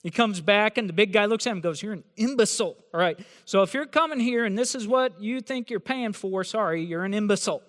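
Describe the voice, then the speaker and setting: A man's voice: sits high, fairly quick, few pauses, a bit bright. A male professor giving a humorous, sarcastic talk to new college students in a large hall. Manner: sarcastic, teasing, joking delivery. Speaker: university professor.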